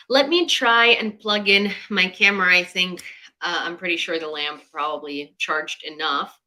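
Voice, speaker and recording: A young woman chats with her livestream audience from a desk mic at home. Her voice is bright and carries a bit of edge. She fills pauses with "um" and turns sarcastic when she is annoyed. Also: lowish voice, low-quality recording. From Ukraine. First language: Ukrainian. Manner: chatty, with many fillers, sarcastic asides. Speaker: livestream host. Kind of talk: casual livestream chat.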